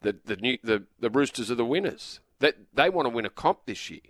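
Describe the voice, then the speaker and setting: A man co-hosting sports radio who puts the counterargument calmly. His voice is mid-pitched. It is recorded close and dry in the studio. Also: no room sound. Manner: measured, argues the other side. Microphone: studio microphone.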